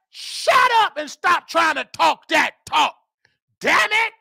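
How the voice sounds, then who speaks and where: A woman hosting a talk show, delivering fiery, preachy commentary and often shouting. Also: very high voice, vocal fry, no echo, clean studio sound. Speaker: host. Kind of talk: ranting commentary.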